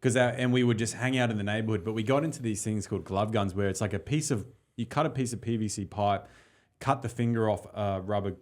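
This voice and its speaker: Low-voiced easygoing podcast host. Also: male voice, fast, darkish tone. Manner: easygoing, asks questions and shares childhood memories. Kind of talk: casual podcast chat.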